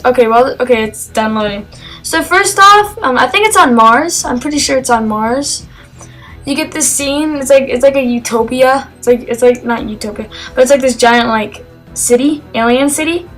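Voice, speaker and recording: A woman's voice: on the high side, low-quality recording. A woman giving a casual spoken film review, enthusiastic and rambling, with lots of fillers and restarts.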